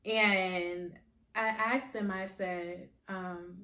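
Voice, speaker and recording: A woman's voice: on the high side, takes it slowly, fairly bright tone. A woman, a holistic healer from the United States, telling a personal spiritual story in an earnest, emotional way with lots of repetition. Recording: echoey room.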